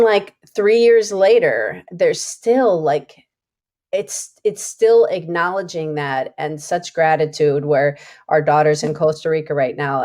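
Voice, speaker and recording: A woman's voice: sits low, darkish tone. A middle-aged woman hosting a casual conversation, enthusiastic and frank as she reflects. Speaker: host.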